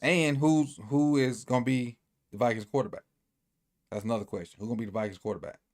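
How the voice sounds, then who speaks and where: A man's voice: medium pitch, steady tone, fast talker, darkish tone. Easygoing man rambling through a sports recap. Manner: loose, rambling, repeats himself, thinks aloud. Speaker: sports commentator.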